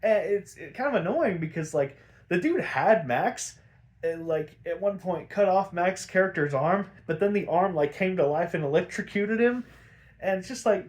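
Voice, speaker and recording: Speaking at a normal speed in a voice that sits high, a young man on a podcast rambles through a recap of a cartoon episode. He's profane and animated, performing the characters' dialogue as he goes.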